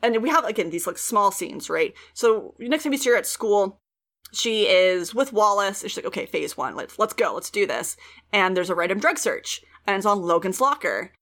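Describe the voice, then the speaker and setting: A woman hosting a podcast, retelling TV episodes in an animated, casual way and swearing freely. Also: mid-range voice, normal speed. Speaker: podcast host recapping a TV show. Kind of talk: casual chat.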